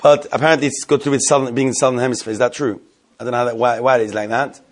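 A man's voice: medium pitch, little pitch movement, racing. A man leading a Jewish law class, asking questions aloud and thinking through answers with many fillers. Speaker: Torah class teacher. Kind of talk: Talmudic-style halacha class.

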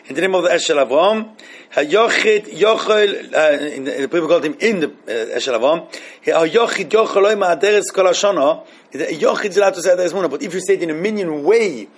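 A man's voice: on the high side, racing, breathy edge. A man teaching a religious law class to students, thinking aloud and often repeating himself as he works through questions. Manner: thinking aloud, repeating phrases, mixing Hebrew terms.

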